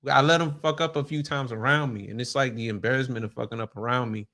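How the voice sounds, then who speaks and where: A man with a mid-pitched voice chatting on a podcast. He talks in a laid-back, halting way, restarting his thoughts and speaking plainly. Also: sharp tone. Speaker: podcast co-host. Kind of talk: casual chat.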